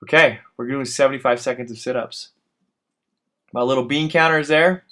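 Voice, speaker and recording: A man in his thirties talks through a workout as a fitness instructor. His voice sits at an ordinary middle pitch. He pushes hard with urgent encouragement and often sounds winded after the exercises. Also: steady tone, fairly quick, fairly bright tone. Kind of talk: workout coaching voice-over.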